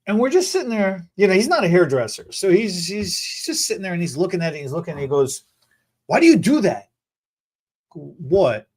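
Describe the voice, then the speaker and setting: A male podcast host with a voice that sits a bit high for a man. He chats casually and spins an anecdote, jumping into little impressions of the people in it. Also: brisk, hardly any pauses. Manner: storytelling, animated, acts out quotes.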